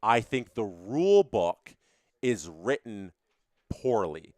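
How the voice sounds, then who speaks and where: A man's voice: lowish voice, sing-song, takes it slowly, a little mellow, dry recording. A man hosting a live stream, reading viewer chats and ranting opinionatedly, often repeating his phrases.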